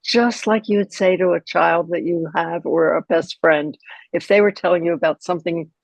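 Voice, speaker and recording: Gravelly older woman teaching gently. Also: on the low side, dry recording, highs cut off. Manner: gentle, chatty, with frequent asides. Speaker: course instructor. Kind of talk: relaxed spoken teaching.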